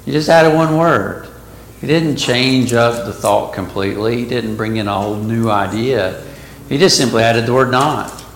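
Gravelly man teaching a Bible class. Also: mid-range voice. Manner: talks slowly, reads verses aloud and stops to explain them. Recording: echoey room, faint background noise.

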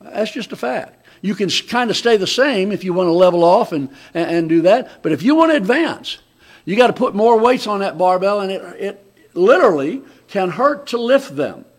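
A man preaching a conversational sermon, often restarting his sentences and swinging between loud emphatic lines and quiet asides. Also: high voice, lively intonation, normal speed.

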